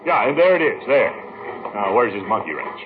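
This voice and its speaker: An actor playing a pompous, easily flustered uncle who blusters and sputters, in an old radio comedy. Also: male voice, medium pitch, big pitch swings, moderate pace, phone-quality sound, close to an everyday voice. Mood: blustering. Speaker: lead comic character. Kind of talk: 1940s radio comedy acting.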